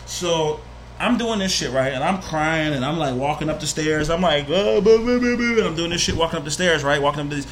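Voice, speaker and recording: Animated New Jersey man, quick profane storyteller, slightly roomy sound. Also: on the high side, slight background noise. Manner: animated, profane, acts out quotes. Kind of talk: casual storytelling chat.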